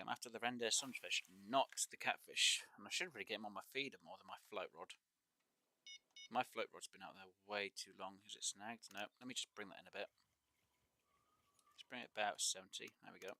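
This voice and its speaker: Bright-voiced chatty man streaming. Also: lowish voice, vocal fry. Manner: chatty, opinionated, rambling with frequent fillers. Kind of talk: casual live-stream chat while gaming.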